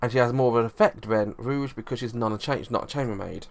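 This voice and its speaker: A man's voice: medium pitch, quick pace, creaky. Casual man explaining a board game. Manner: loose, rambling explanation with frequent restarts.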